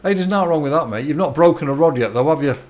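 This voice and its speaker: A man's voice: fairly high pitch, animated, very fast, darkish tone. A middle-aged man, chatting casually to viewers while live-streaming a game, friendly and stumbling over his words.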